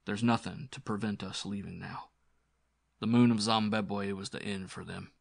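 A man playing a protective adventurer who is out of breath and speaks in a low, soothing way. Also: steady tone, moderate pace, vocal fry, dry recording, clean studio sound.

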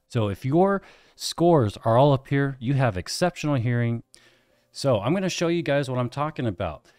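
A man's voice: medium pitch, no room sound, studio quality. A middle-aged man hosting an explainer video, teaching in plain, friendly layman's terms. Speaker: host explaining hearing tests.

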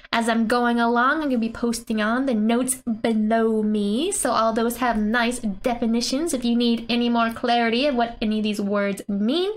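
A woman's voice: fairly high pitch, fairly even intonation, normal speed. A woman giving a casual language lesson through manga panels, chatty and playful, giggling often between explanations. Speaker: online Japanese tutor.

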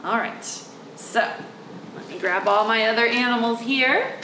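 A woman's voice: fairly high pitch, measured pace, reverberant, far from the mic, a little hiss or hum, rough recording. A woman working as a children's librarian, reading a picture book aloud and coaxing young children to join in. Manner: animated, coaxing, speaks directly to the kids.

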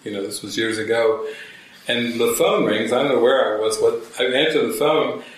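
Speaking at a normal speed in a mid-range voice, a man who teaches spirituality shares a story with a gathering in a church hall, switching voices to act out the quotes. The audio is very echoey, captured by a far-off mic.

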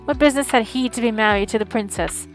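A woman's voice: a little high, quick pace, soft background music, lightly acted, rough recording. Scrooge, a woman doing an old man swept up in memory. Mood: excited. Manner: eager, exclaiming, half laughing half crying.

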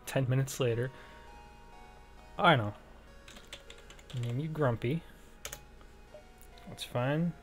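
A man's voice: medium pitch, takes it slowly, long pauses, fairly bright tone. A man giving casual let's play commentary, thinking aloud with many fillers and self-deprecating jokes. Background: faint game music.

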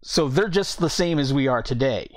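A man's voice: medium pitch, expressive, normal speed. A man teaching a Bible study in a casual way, thinking aloud, reading verses and often restarting his sentences. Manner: thinking aloud, reads scripture, hesitant restarts.

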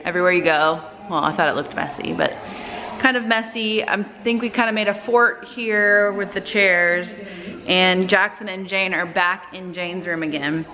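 A woman in her thirties, a mother vlogging casually at home in a chatty, relaxed way. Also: lowish voice, moderate pace. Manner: chatty, relaxed, talks with fillers. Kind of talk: casual vlog talk to camera. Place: family home indoors. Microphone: camera. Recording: echoey room with noise.

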